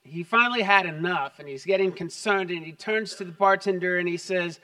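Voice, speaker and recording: A man's voice: high voice, brisk, hardly any pauses, sharp tone, recorded from a distance. A man preaching a sermon to his church, upbeat and conversational, mixing jokes with scripture. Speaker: pastor. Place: church sanctuary.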